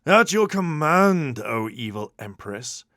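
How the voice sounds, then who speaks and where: A man's voice: mid-range voice, big pitch swings, takes it slowly, sharp tone, no room sound, studio quality, voice pushed up, exaggerated voice. A man voicing a brutish male warrior answering his empress in a storybook reading. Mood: servile.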